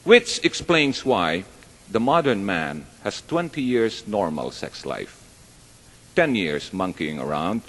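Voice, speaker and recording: A man's voice: sits low, very animated, takes it slowly, fairly bright tone, a little hiss or hum. A man telling jokes on stage at a live show, chatty and rambling, poking fun at himself. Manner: chatty, rambling, self-deprecating. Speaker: stage performer. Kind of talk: live stand-up joke telling. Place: large hall with live audience. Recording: long hall reverb.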